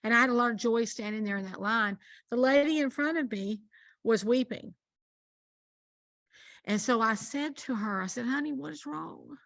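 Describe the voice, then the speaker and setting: A woman's voice: fairly high pitch, moderate pace, pauses often, a bit bright, dry recording. A woman speaking as a guest minister in a casual faith conversation, telling a story earnestly and with emphasis.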